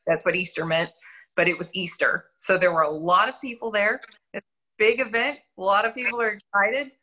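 A woman's voice: medium pitch, steady tone, moderate pace, bright, forceful tone, poor audio. A young adult woman sharing her faith testimony in an interview, telling her story candidly and earnestly with self-deprecating humor.

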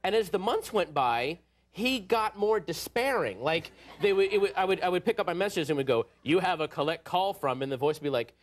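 A man in his thirties, a comedian guest on a talk show, telling a story animatedly and acting out voices, sometimes shouting. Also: high-pitched, expressive, fairly quick. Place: TV studio with live audience.

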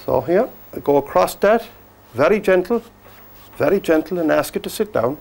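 A man teaching a painting demonstration, gently coaxing the brushstrokes as if talking to the paint. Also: sits high, expressive, normal speed, gravelly. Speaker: painting instructor.

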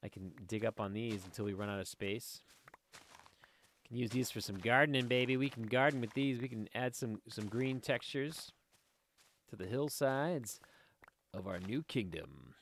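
A man's voice: medium pitch, normal speed, a bit bright, slight background noise. A man giving casual, rambling commentary while playing a game, easily sidetracked and chatting to viewers and to the creatures on screen. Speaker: let's play host.

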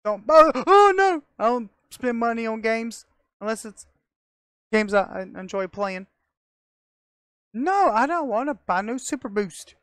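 A woman giving casual, excitable commentary as she plays a video game, talking to herself and laughing often, recorded on a close mic. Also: on the high side, measured pace, pauses often, no room sound. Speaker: gamer.

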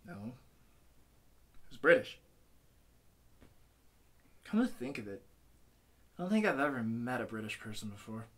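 An actor playing a self-pitying, dim-witted fallen pop star in a mockumentary interview, speaking flatly. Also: male voice, mid-range voice, measured pace, long pauses. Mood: glum.

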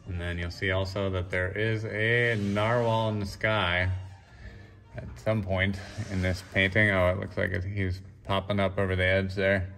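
A man giving a relaxed, rambling tour of his paintings in a gallery, with an Australian and New Zealand mix of accent. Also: low-pitched, normal speed, gravelly. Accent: mixed Australian and New Zealand. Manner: relaxed, musing, with fillers and restarts. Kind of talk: casual walk-and-talk. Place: historic house gallery, indoors. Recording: roomy and distant, faint music behind.

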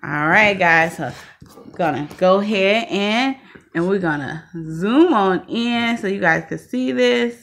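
A woman co-hosting a lottery ticket scratching video, talking casually and breaking into loud cheers. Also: mid-range voice, slow pace, gravelly. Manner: upbeat, bursts into loud cheers. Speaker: channel co-host.

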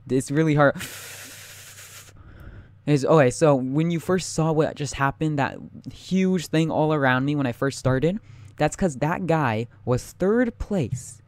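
A young man giving live gameplay commentary, excitable and panicky, talking straight to his viewers. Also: on the high side, dry recording. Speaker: gaming YouTuber.

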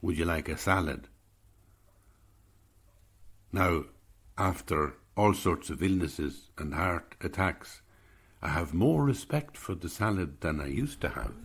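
A man's voice: low voice, animated, unhurried, breathy edge. An older Irish man telling a rambling, reflective story. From Ireland. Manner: reflective, digressive.

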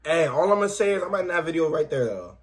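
A man's voice: fairly high pitch, big pitch swings, fast talker, over loud music. Laid-back man hosting a reaction video. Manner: laid-back, says "man" and "bro" constantly, raps along with the track. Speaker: reaction channel host. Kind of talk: casual reaction commentary.

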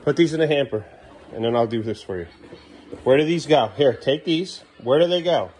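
A father with a medium-pitched, slightly mellow voice talks a little fast in a casual kitchen vlog, coaxing his children before becoming firm. He chats to the camera in asides, and the audio carries a faint hiss or hum.

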